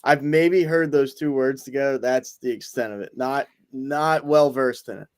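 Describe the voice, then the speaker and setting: Hesitant male co-host with a smooth, dry voice. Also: medium pitch, normal speed, no echo. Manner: hesitant, many fillers and restarts, thoughtful. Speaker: podcast co-host. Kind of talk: casual sports chat.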